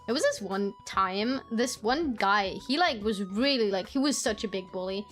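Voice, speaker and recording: A woman streamer telling childhood stories to her chat, swearing freely, laughing often and mimicking family members in squeaky voices. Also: animated, moderate pace, fairly bright tone, faint music behind. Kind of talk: casual storytelling chat with viewers.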